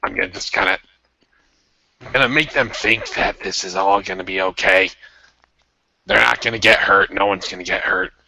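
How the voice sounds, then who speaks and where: A man voicing a scheming male scavenger who talks in a hushed, conspiratorial and crude way. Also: sits low, animated, moderate pace, gravelly, long pauses, exaggerated voice, low-quality recording.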